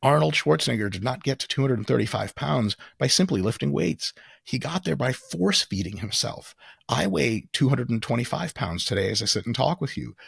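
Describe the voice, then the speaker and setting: A man, a podcast guest, telling joking stories in an animated, profane way. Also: medium pitch, brisk, creaky, husky, no echo, clean studio sound. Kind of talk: casual comic storytelling.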